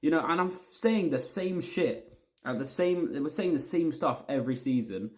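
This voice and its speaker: A man's voice: on the high side, animated, normal speed. A man giving a heated, blunt football match review as a fan vlogger, repeating himself and swearing.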